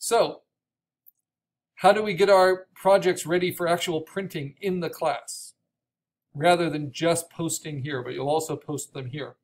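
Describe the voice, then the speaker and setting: A man teaching an online art course, explaining steps with frequent restarts and a voice gone raspy from coughing. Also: fairly high pitch, fairly even intonation, a little slow. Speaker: art instructor. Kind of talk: recorded online course lecture.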